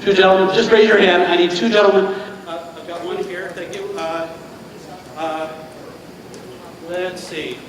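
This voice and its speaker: A man's voice: high voice, fairly even intonation, unhurried, pauses often. A man performing as a stage magician, chatting and joking with volunteers in front of a live audience. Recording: echoey theater hall from far off, audience noise.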